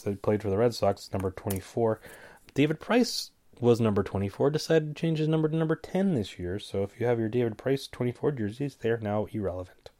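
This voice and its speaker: Guy with a stuffy nose just rambling solo on his show, kinda dark mellow voice, jokey side tangents. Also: medium pitch. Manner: rambling, jokey asides, stumbles over names. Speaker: podcast host giving fight picks. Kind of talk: casual solo commentary.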